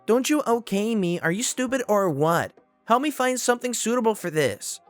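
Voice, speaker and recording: A man's voice: high voice, expressive, moderate pace, soft background music, voice pushed up. A man voicing an insulting, scolding woman shopper in a storytime narration. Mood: contemptuous. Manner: scolding, contemptuous. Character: rude shrill woman shopper, insulting and loud.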